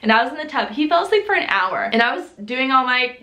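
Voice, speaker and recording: Animated young woman telling a birth story. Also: quick pace. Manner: animated, laughing, acts out quotes in high voices. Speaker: vlogger. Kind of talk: casual storytelling to camera. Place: home room. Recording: echoey room.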